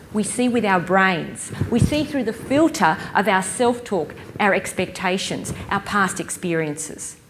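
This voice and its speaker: A woman giving a lively conference keynote, engaging the audience with stories and questions. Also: medium pitch, slight background noise. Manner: lively, playful storyteller who engages the audience. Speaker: keynote speaker. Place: conference hall stage.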